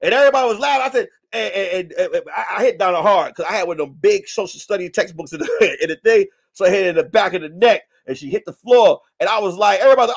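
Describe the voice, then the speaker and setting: A man hosting a comedy podcast, telling a rowdy story, shouting, swearing and acting out the voices. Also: high-pitched, animated, rapid-fire, hardly any pauses. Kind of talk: animated comic storytelling.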